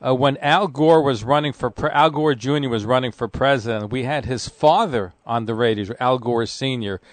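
A man's voice: mid-range voice, moderate pace, dry recording. A man hosting a radio interview, friendly and jokey, telling anecdotes to his guest. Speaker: radio show host.

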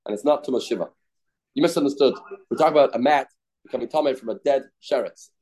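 A man's voice: medium pitch, quick pace, darkish tone, breathy edge. Man teaching Talmud in sing-song repetition. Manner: talks in a sing-song study rhythm, repeating phrases; mixes English with Hebrew and Aramaic terms. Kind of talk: Talmud study lesson.

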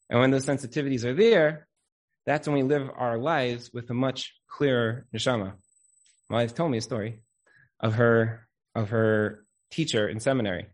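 A man in his thirties, a counselor giving an inspirational talk, who tells stories and acts out the people in them, sprinkling in Hebrew religious terms. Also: medium pitch. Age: 30s. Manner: animated storyteller who acts out quoted voices. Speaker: marriage counselor and Torah speaker.

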